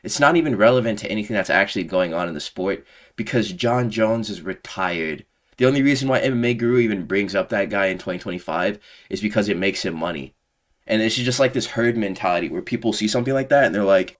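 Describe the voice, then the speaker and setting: A man's voice: on the low side, expressive, fairly quick. A man giving casual, profane, exasperated commentary on a combat sports fan community, full of slang. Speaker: MMA commentary YouTuber.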